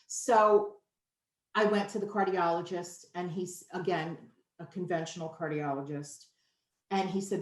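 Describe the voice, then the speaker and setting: A woman's voice: lowish voice, steady tone, measured pace. A woman in her fifties, a nutritionist guest, talking candidly and emphatically in a casual interview. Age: 50s. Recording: roomy echo.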